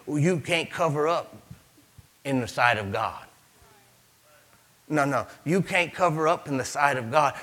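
A middle-aged man preaching a sermon, telling the story dramatically and acting out the voices, swinging from hushed near-whispers to shouts. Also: on the high side.

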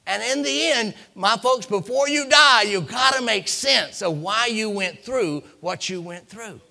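Animated gravelly preacher man. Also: high-pitched, a little slow. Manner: dramatic preaching, repeats phrases, swings from loud to hushed. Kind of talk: sermon.

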